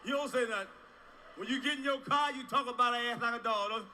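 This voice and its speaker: A middle-aged man doing a stand-up comedy routine, loud and crude, rambling and repeating his lines. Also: high voice, fairly quick, noisy background.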